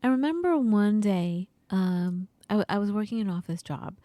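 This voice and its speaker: On a podcast, a female co-host tells stories with real animation, voicing the people she quotes during casual chat. Her voice sits mid-range, her pace is moderate, and there's no echo.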